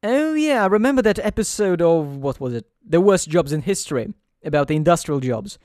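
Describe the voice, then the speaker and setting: A man's voice: fairly high pitch, lively intonation, a little fast, darkish tone, no room sound, soft background music. A man giving dry, sarcastic gameplay commentary as host of a let's play.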